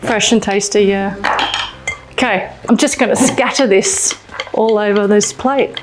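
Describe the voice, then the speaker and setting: Music plays under an Australian cooking show host as she gives an easygoing demonstration in her home kitchen. She talks a little slowly in a medium pitch, chatty and excited, with frequent exclamations.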